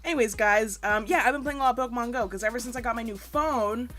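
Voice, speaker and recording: A young woman chatting casually over a game speed build, rambling and self-deprecating, with sudden playful asides. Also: fast. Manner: rambling, self-deprecating, bursts into squeaky silly voices. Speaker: gaming YouTuber. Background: soft background music.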